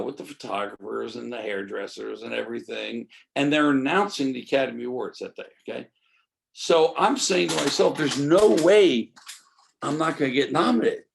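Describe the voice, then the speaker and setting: A man's voice: mid-range voice, gravelly. An older man, a guest in an interview, telling stories animatedly and acting out quoted dialogue. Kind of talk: storytelling interview.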